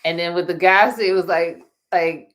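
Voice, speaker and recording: A woman co-hosting a casual podcast chat, animated, laughing often and restarting her words. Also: fairly low pitch, normal speed. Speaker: podcast co-host.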